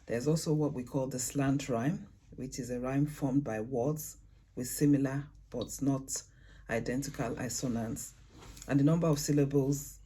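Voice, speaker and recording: A man with a husky, slightly breathy voice talks beginners through poetry rhymes. His tone is dark and mellow, and he is unhurried, stopping to hunt for words and spelling letters out one by one. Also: medium pitch. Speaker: poetry tutor. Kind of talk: casual beginner tutorial.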